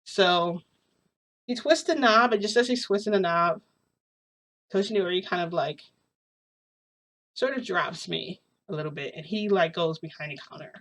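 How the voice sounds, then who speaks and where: A woman's voice: fairly low pitch, moderate pace, pauses often, a bit bright. A woman telling a casual story in a rambling, giggly way, full of fillers and restarts.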